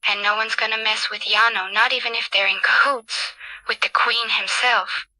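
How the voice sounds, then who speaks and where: A woman's voice: fairly high pitch, flat delivery, moderate pace, pushed and bright, no echo, low-quality recording. A woman voicing a brash, streetwise male ostrich watchman who talks tough and slangy. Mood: swaggering. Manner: slangy, tough-talking threats.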